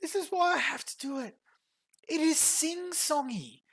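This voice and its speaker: A woman's voice: high voice, animated. Profane mocking streamer, woman. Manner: profane, fast mocking rants. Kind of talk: mocking reaction commentary.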